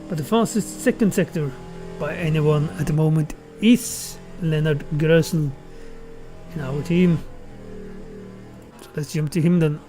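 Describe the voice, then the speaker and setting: A man's voice: a little high, darkish tone. A man giving casual live commentary on a sim racing qualifying session, thinking aloud and correcting himself as he goes.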